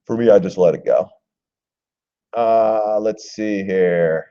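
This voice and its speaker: A man's voice: fairly low pitch, takes it slowly, dark tone, smooth, dull audio. A man hosting a casual live stream about stock charts, rambling and chuckling as he reads viewers' comments and acts out phone calls.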